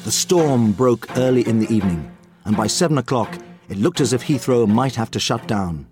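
A man reading a children's story aloud as an audiobook narrator, with lively, expressive storytelling. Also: mid-range voice, normal speed, soft background music.

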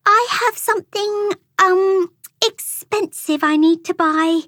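A woman voicing an anxious, determined young vampire girl trying to keep calm, in a storybook audiobook. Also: very high voice, moderate pace, no room sound, studio quality, voice pushed up. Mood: forced calm. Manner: strained, forcing calm.

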